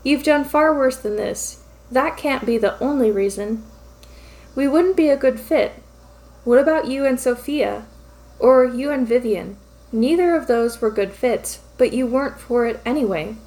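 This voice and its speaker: A woman voicing a relaxed, teasing sister with a drawl in a fan fiction reading. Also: high-pitched, measured pace, poor audio.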